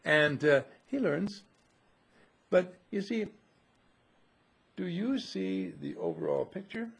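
A man giving a slow, musing spiritual teaching to a group, repeating and correcting himself and acting out his listeners' voices. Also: sits high, huge pitch swings, creaky, breathy edge. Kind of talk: metaphysical teaching talk to a group.

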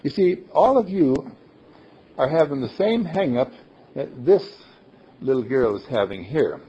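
A man with a very husky, breathy voice delivers a sermon, his pitch swinging widely as he jokes and laughs with his listeners. The recording is dull and lo-fi. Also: measured pace. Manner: playful, animated, laughing often. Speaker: minister.

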